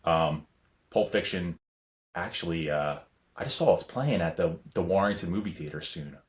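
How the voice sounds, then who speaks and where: A man in his thirties with a fairly low voice, chatting casually on a podcast. He rambles through long stories and breaks into laughter often. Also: moderate pace. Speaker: podcast co-host. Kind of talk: casual chat.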